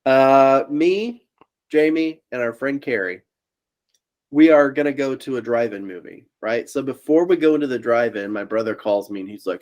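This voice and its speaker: A man co-hosting a podcast, an animated storyteller in casual chat. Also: medium pitch, moderate pace. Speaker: podcast co-host. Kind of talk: casual chat, telling stories.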